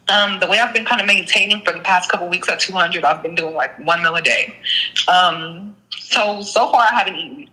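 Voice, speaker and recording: Very bright-voiced, hesitant coaching client. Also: medium pitch, low-quality recording. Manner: hesitant, unsure, trails off. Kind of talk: candid conversation.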